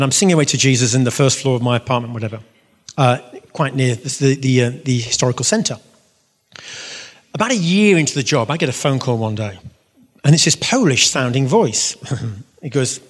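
A man giving a storytelling sermon, animated and acting out the voices he quotes. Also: medium pitch. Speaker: speaker giving a faith talk. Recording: long hall reverb.

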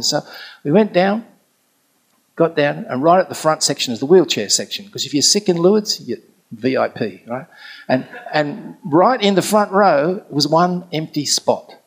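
Man, middle-aged, slightly high husky voice, lively storyteller who acts out the dialogue. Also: measured pace. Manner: animated, acts out quoted speech. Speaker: pilgrimage companion telling a story. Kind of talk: anecdotal storytelling.

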